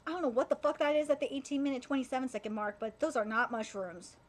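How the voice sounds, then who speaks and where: A young woman doing a live anime reaction, excitable and foul-mouthed, breaking into outraged shouts. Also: high-pitched, quick pace.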